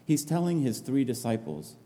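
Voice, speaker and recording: A man's voice: mid-range voice, big pitch swings, moderate pace, warm tone. Male preacher, impassioned, repeats phrases; long hall reverb. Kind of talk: sermon.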